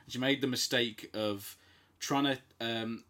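A man from England co-hosting a casual podcast, animated and quick to laugh, with the odd swear word. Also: mid-range voice. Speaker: podcast co-host. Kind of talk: casual chat.

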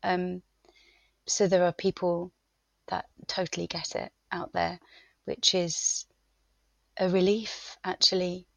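A woman guest talking through grief in an interview, halting and searching for words, often emotional. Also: on the low side, flat delivery, vocal fry, a bit bright, dry recording.

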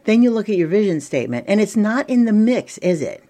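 A middle-aged woman teaching a casual business lesson as a marketing coach and podcast host, chatty and lively, with playful asides. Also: mid-range voice, fairly quick.

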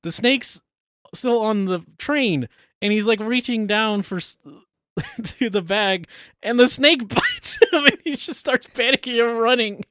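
A man chatting on a podcast, recapping a movie scene by scene with frequent laughs and casual cursing. His voice is bright and a bit tense, recorded dry and close with no room sound. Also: very high voice, animated, a little slow, no echo. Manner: retells scenes with laughs and swearing. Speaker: podcast co-host.

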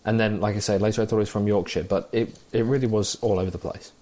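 A man's voice: fairly low pitch, steady tone, fast, dark tone. Chatty, enthusiastic man talking films. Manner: enthusiastic, chatty, lists small details. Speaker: film podcast co-host. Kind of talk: casual conversation.

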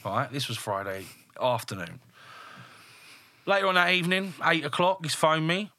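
Blunt, swearing man, bright voice. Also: on the high side, normal speed, no room sound, clean studio sound. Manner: blunt, heavily swearing, animated storyteller. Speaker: guest, builder and business owner. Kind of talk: casual podcast storytelling.

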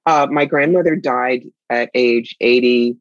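A woman's voice: very deep voice, unhurried, no echo, highs cut off. A woman guest telling personal family stories candidly and reflectively in conversation. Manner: candid, reflective, with lively emphasis. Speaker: author and guest.

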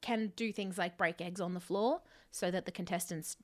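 Deadpan salesy woman pitching. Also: moderate pace. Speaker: podcast co-host. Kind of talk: improvised comedy pitch.

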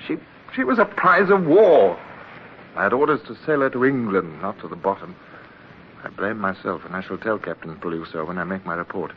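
A man's voice: mid-range voice, very animated, brisk. An actor playing an earnest, self-blaming young English midshipman who narrates and gives clipped commands in a 1950s radio drama. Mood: remorseful. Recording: dull lo-fi old radio recording with faint noise.

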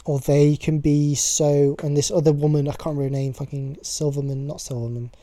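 Young british podcast host rambling on, mellow voice, dry close mic, swears a lot. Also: mid-range voice, flat delivery, brisk, no echo. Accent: British English. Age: young adult. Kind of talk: casual solo podcast chat.

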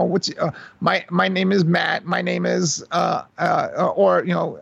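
A man in his fifties from New York tells stories in a lively, animated way, often repeating words as he starts a thought. His voice sits high and is heavily gravelly. The recording sounds dull and lo-fi. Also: moderate pace, hardly any pauses, no echo. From New York City. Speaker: guest. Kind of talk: casual storytelling interview.

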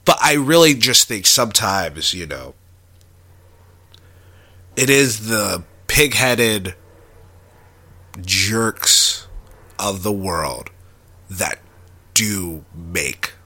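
A man's voice: low voice, lively intonation, very slow, pauses often, pushed and bright. A man co-hosting a podcast in casual chat, hesitant and searching for his words. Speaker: podcast co-host.

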